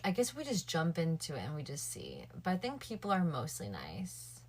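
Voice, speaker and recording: A woman's voice: deep voice, huge pitch swings, normal speed, husky. A woman livestreaming late at night, chatting casually with her viewers and thinking aloud. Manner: chatty, addresses her viewers and chat directly.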